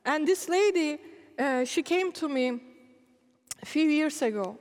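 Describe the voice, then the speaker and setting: A middle-aged woman preacher telling animated, laughing stories in a sermon. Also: high voice, unhurried. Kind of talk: storytelling sermon. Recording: long hall reverb.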